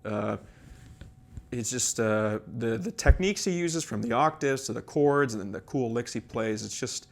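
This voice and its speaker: A man's voice: medium pitch, normal speed, vocal fry. A man walking through a guitar solo in a casual lesson, rambling with many fillers and restarts, a bit out of breath. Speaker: guitar teacher.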